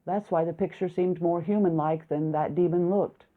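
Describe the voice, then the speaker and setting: A woman reading a translated audiobook as narrator, in a lively storytelling manner. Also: lowish voice, normal speed. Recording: tinny phone-like sound.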